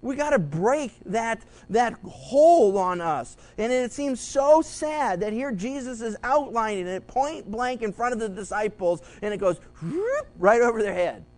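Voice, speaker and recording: Animated high-voiced male pastor. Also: a little slow, few pauses, low-quality recording. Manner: animated, acts out quoted voices; conversational with restarts. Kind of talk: Bible study sermon.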